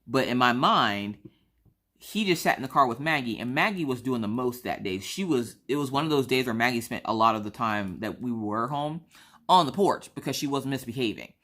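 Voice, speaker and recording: This craft vlogger's rumbling low voice moves a little fast, carrying a mixed Southern accent from her South Carolina roots. She chats casually through a story, animatedly acting out the other people in it.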